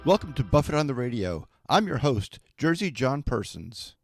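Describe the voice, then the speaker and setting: Lively-voiced male radio host. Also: mid-range voice, moderate pace, creaky, soft background music. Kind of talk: scripted radio introduction and interview questions.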